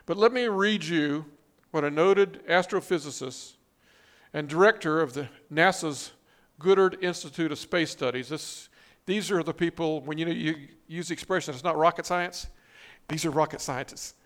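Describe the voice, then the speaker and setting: Reading scripture and quotations aloud, a pastor preaches with emphatic, rising stress and many restarts. He speaks at a normal pace in a fairly high, slightly bright male voice.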